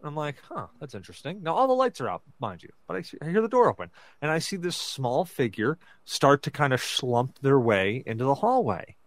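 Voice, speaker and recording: A man's voice: mid-range voice, a little fast, few pauses, no room sound. A man telling a dramatic personal story on a casual podcast, full of fillers like "like". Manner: animated, dramatic retelling with filler words. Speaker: podcast co-host.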